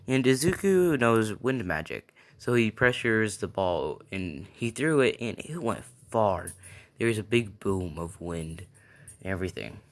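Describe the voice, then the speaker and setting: A man's voice: fairly low pitch, big pitch swings, measured pace. Rambling man telling a story. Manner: rambling, lots of fillers and "right?". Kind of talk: casual retelling of a fan story. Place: at home with his dog.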